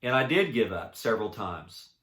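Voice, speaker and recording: A man giving a personal inspirational talk. He speaks earnestly and haltingly, restarting often, and swings between soft and emphatic. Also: lowish voice, big pitch swings, reverberant. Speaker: motivational speaker.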